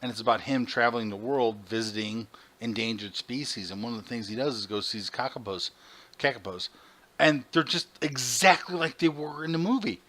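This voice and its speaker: A man co-hosting a podcast, telling animated, profane stories in casual chat. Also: mid-range voice, fairly quick. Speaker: podcast co-host.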